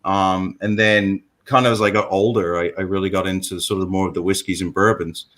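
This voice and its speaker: A man's voice: sits low, little pitch movement, fairly quick, a bit bright, low-quality recording. A middle-aged man with a London accent, telling his story as a guest in a casual chat, rambling with many fillers and restarts. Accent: London English. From England.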